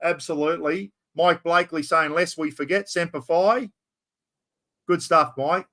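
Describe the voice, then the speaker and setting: A man's voice: on the high side, steady tone, unhurried, bright, forceful tone. A middle-aged Australian man in casual chat, rambling and saying "mate" constantly.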